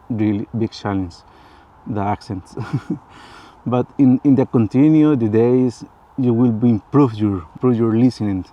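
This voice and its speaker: Man talking in halting English. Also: mid-range voice, dull audio. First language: Spanish. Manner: halting learner's English, frequent restarts and repetitions, laughs often. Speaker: vlogger. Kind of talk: casual personal talk to camera.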